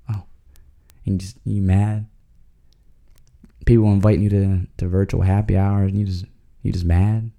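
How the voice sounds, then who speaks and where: A man's voice: fairly low pitch, fairly even intonation, moderate pace, vocal fry, pauses often, warm tone. A man hosting a podcast, talking in a slangy, joking way and chuckling as he goes. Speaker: podcast host. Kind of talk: casual comedic monologue.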